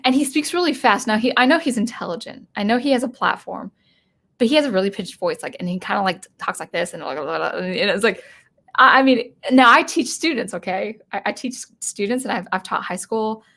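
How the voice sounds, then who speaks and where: A woman hosting a live-stream commentary, answering chat and thinking aloud with halting restarts. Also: fairly high pitch, a bit bright. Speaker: channel host and teacher.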